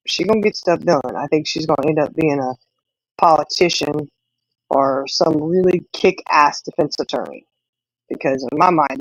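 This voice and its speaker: A woman's voice: deep voice, no echo, poor audio. A middle-aged woman, chatting casually with viewers and rambling through family stories with laughs. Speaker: livestream host.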